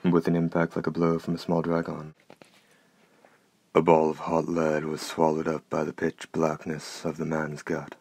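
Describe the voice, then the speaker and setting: A man reads an audiobook in a steady, measured, unhurried manner. His voice is extremely deep and keeps a flat, even pitch. The recording is close and dry. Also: breathy edge, dry recording. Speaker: narrator. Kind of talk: audiobook narration.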